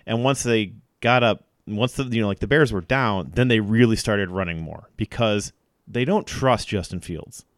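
Low-voiced man in blunt sports talk. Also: no echo, studio quality. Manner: blunt, quick opinionated analysis. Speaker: podcast co-host.

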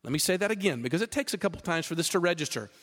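A man preaching a sermon, chatty and animated, often pausing with fillers. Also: fairly high pitch. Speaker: pastor. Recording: long reverb of a large hall.

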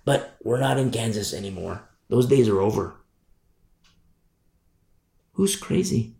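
A man preaching a sermon, telling a story with lively energy and acting out shouted warnings. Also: lowish voice, moderate pace, gravelly. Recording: echoey room.

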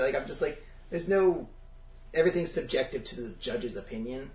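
A man hosting a casual family podcast chat, firing off quick questions and talking emphatically. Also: mid-range voice. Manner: animated, quick-fire questions, emphatic swearing. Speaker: host leading the questions. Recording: echoey room, mic at a distance.

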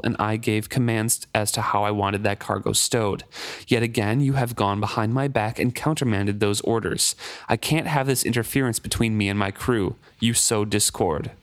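A man's voice: fairly low pitch, moderate pace, no room sound, studio quality, lightly acted. A man reading aloud the lines of a stern male ship captain who speaks in a clipped, restrained way. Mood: restrained anger.

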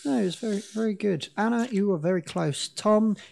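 A woman's voice: mid-range voice, brisk, gravelly, a little mellow. A woman hosting a podcast game, running it in a playful, upbeat quizmaster manner. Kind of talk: casual chat.

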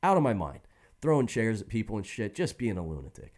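A man's voice: on the low side, a little fast. A man telling a long story in casual chat, swearing freely and laughing often. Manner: profane, animated, laughs often.

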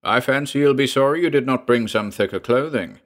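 A man's voice: medium pitch, a little fast, voice pushed up, close to an everyday voice. A male narrator voicing a tidy, sardonic baronet who speaks in a dry, mildly mocking way.

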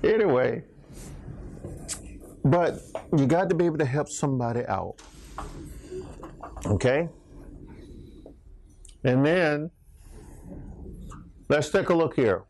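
A middle-aged male preacher leads a Bible study in an animated storytelling way, talking back and forth with the people in front of him. His voice sits a little high for a man and swings up and down a great deal. A soft hiss lies faintly under the recording. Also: slow, pauses often. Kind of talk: interactive Bible study sermon.

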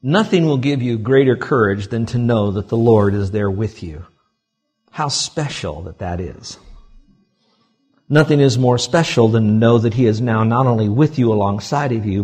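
A man preaching a sermon in a church, with animated swings from quiet, intimate remarks to loud emphatic lines. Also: fairly low pitch, breathy edge. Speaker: pastor.

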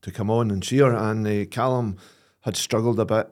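An older Scottish man with a fairly low voice, answering questions as a guest. He speaks haltingly and pauses often on "uh" as he gathers his thoughts. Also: steady tone, a little mellow. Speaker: guest shearer. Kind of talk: casual interview chat.

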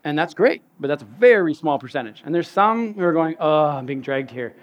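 A man's voice: a little high, expressive, a little fast. A man pastor preaching a sermon, telling stories animatedly, repeating words and laughing at himself.

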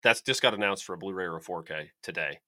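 A man co-hosting a podcast, excitable and blunt, swearing often while chatting about a film. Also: sits low, fast talker, no room sound. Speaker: podcast co-host. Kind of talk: casual film review chat.

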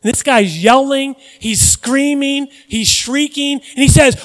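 Male pastor, high voice, conversational sermon with dramatic swells, reverberant church hall. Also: unhurried, hardly any pauses. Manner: conversational preaching with dramatic rises and asides.

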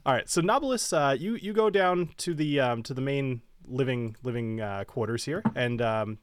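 A man narrating as game master, hesitant and full of pauses and restarts. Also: mid-range voice, smooth, dry recording, clean studio sound. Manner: hesitant, lots of fillers and restarts.

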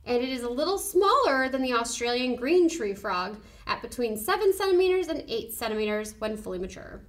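A woman co-hosting a casual podcast chat, gushing and excitable, often giggling. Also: fairly high pitch, brisk. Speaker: podcast co-host.

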